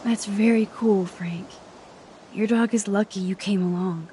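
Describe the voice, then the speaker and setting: A woman voicing a soft-spoken earnest girl. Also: mid-range voice, fairly even intonation, a little slow, background noise, natural voice. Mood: polite. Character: earnest young woman, calm and persuasive. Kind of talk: video game voice acting.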